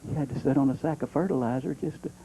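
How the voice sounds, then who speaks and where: A man playing a folksy country-boy character, telling a comic monologue in a deadpan drawl. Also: medium pitch, quick pace, a little hiss or hum, natural voice, low-quality recording. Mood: droll. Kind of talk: stand-up comedy monologue.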